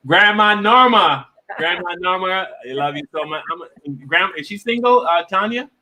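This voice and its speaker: A man's voice: high-pitched, animated, moderate pace, pushed and bright, rough recording. A man hosting a comedy talk show in casual chat, joking and laughing often with plenty of fillers.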